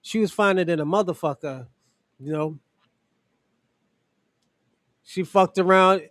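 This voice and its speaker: A man holds forth on a livestream in a loose, profane, mocking rant, often breaking into laughter. His voice sits high for a man and sounds close and dry, with no room around it. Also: unhurried, a bit bright, dry recording. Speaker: livestream host.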